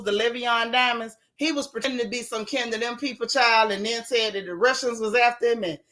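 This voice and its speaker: A woman hosting a casual gossip show, telling stories to her live viewers in an animated, joking, folksy way. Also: a little high. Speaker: show host.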